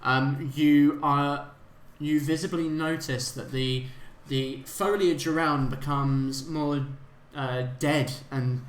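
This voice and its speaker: A man narrating a tabletop game as game master, halting and full of fillers. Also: on the high side, steady tone, roomy sound. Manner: halting, many fillers and restarts.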